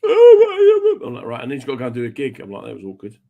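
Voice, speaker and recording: A man's voice: mid-range voice, racing, creaky, darkish tone, dull audio. A man hosting a radio show, telling stories in casual chat and doing the voices of the people he quotes. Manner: chatty, swaps into voices when quoting people.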